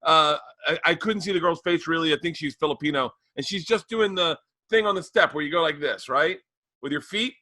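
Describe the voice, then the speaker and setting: A man's voice: a little high, a little fast, bright, forceful tone, no echo. A man co-hosting a podcast, telling stories in casual chat, emphatic and profane. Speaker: podcast co-host.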